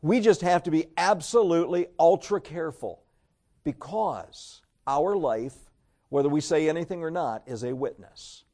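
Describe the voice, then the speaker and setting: A man's voice: fairly high pitch, moderate pace, warm tone. A man preaching a sermon in an easy, conversational way, repeating key phrases and getting the congregation to say them back. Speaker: pastor.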